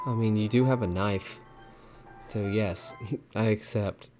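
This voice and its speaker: A man's voice: on the low side, steady tone, takes it slowly, a little mellow, faint music behind. A man commentating a game he plays, reacting with exasperated swearing. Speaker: gamer. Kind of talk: let's play commentary.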